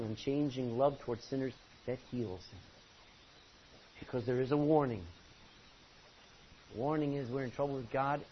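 A male pastor preaching a sermon from the front of a church, impassioned, swinging from loud pleading to low intensity. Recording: dull lo-fi recording with faint hiss.

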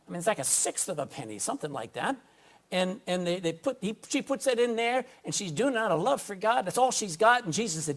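A man preaching a sermon to a congregation, folksy and emphatic, often calling for an amen. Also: sits high. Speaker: pastor. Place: indoor room with a congregation.

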